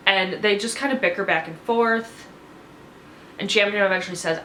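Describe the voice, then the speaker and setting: Woman, show reviewer, animated sarcastic recap, roomy echo. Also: medium pitch, brisk, slight background noise. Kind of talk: casual episode recap.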